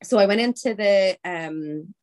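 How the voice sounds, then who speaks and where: A woman's voice: medium pitch, a little slow, darkish tone. A woman, a podcast guest candidly telling her story in casual, chatty conversation. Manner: candid, chatty, quotes her own thoughts aloud.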